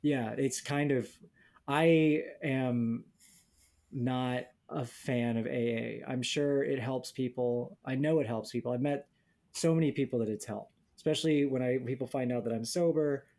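A man's voice: medium pitch, measured pace, darkish tone. A young man in casual conversation, telling stories bluntly and sardonically, with lots of profanity and mocking quoted voices. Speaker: podcast co-host. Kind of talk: casual chat.

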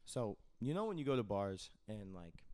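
A man's voice: on the low side, very animated, moderate pace, darkish tone. A man who is a podcast guest, chatting casually and profanely about a trip, often laughing. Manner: easygoing, profane, chimes in with laughs. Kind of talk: casual chat.

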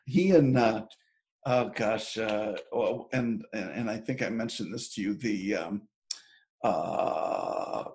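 A middle-aged man co-hosts a chatty podcast, joking with his friend and laughing easily. His pitch swings up and down in a lively way, and he sometimes trails off while hunting for a name. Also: slow pace, gravelly, slight background noise. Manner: playful, laughs often, gropes for names. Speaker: podcast co-host. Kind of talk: casual chat.

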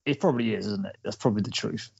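A man's voice: on the low side, racing, creaky, darkish tone, slightly rough, lo-fi sound. A man on a podcast, reflective and easygoing as he discusses a film.

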